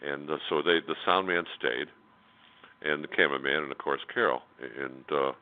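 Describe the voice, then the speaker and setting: A man's voice: extremely low pitch, fairly even intonation, moderate pace. A man telling a personal story as a radio interview guest, in a candid, blunt way with many fillers and restarts. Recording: tinny phone line.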